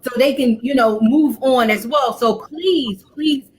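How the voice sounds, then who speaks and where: A woman hosting a casual talk show, excited and effusive as she talks. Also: sits high, unhurried. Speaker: host. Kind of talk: casual chat.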